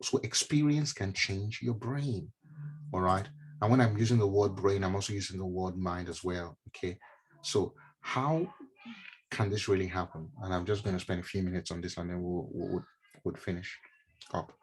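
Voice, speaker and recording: A neurologist with a deep, slightly rough voice talks at a moderate pace during an online stream presentation. Using slides, he offers motivational mentorship in a conversational way, repeating important phrases and slipping in casual comments.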